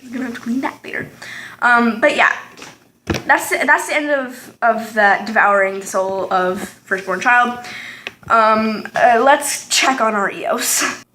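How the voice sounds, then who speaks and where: A teenage girl vlogs from her home kitchen with a fairly high, sharp-toned voice at a measured pace. Her casual storytime chat drifts onto tangents with lots of ums and likes, and there's slight background noise in the echoey room.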